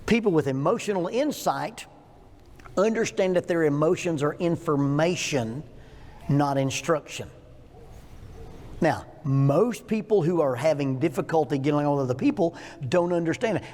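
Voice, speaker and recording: A man in his sixties gives a church lesson in a folksy, joking way, with stories and questions for his listeners. His voice sits a little high for a man. The sound carries a long echo from a large hall. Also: lively intonation, moderate pace, a little mellow. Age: 60s. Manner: folksy, joking storyteller asking the audience questions. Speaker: teacher.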